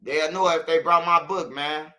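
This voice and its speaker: A man's voice: on the high side, fairly even intonation, normal speed, sharp tone. A man from Chicago with a Chicago accent, hosting his channel, talking straight to viewers in a slangy, repetitive, preachy monologue. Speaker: channel host.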